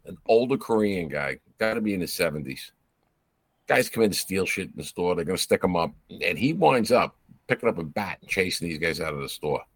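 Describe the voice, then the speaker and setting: A man's voice: sits low, lively intonation, fairly quick, breathy edge, no room sound. A man, a former police officer, telling anecdotes in casual podcast chat and acting out the quoted dialogue. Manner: storyteller who acts out quoted dialogue. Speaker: retired police officer guest.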